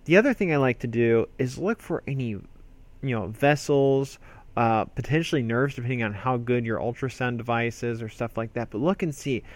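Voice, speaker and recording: A man's voice: mid-range voice, moderate pace, no room sound. Man explaining a medical procedure. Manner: conversational, explanatory, with fillers and restarts. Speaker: emergency physician. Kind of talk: spoken medical lesson.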